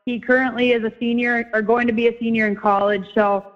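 A woman's voice: fairly high pitch, level tone. Young woman, Minnesota accent, interview guest, friendly, lots of ums, slightly dull lo-fi sound. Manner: friendly, halting with frequent ums. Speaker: guest, former college hockey player and coach. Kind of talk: casual interview chat.

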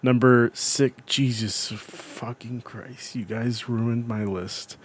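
A young man co-hosting a casual podcast chat, excitable and swearing as he defends his picks. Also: medium pitch, slow, slight background noise. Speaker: podcast co-host. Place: lives in New York.

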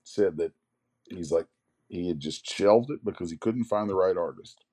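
A low, dark-toned man with a husky edge tells casual, rambling stories as an interview guest. He is in his forties and often stops to clear his throat. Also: moderate pace. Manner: rambling anecdotes, acts out others' lines. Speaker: guest comic artist.

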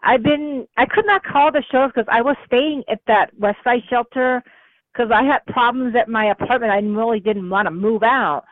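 A woman from New Mexico calling into a talk show, talking in an excitable, scattered way. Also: on the high side, normal speed, dry recording. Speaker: caller. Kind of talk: phone-in call. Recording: phone line.

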